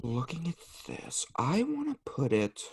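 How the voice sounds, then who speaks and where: A man's voice: fairly high pitch, huge pitch swings, measured pace, darkish tone, breathy edge, dry recording. A man chatting as a podcast guest, rambling and self-deprecating, laughing often. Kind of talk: casual chat.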